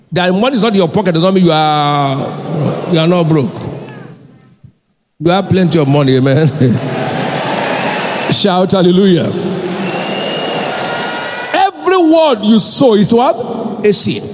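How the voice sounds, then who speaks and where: High-voiced pastor preaching in a hall. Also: male voice, background noise. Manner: emphatic preaching, quizzing the congregation. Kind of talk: sermon. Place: large church hall. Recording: long hall reverb.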